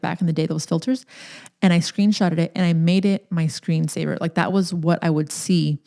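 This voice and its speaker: Mellow-voiced young woman, candid confession. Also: on the low side, gravelly. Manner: candid and emotional, lots of "like" fillers. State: nervous, close to tears. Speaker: podcast host. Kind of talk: confessional personal storytelling.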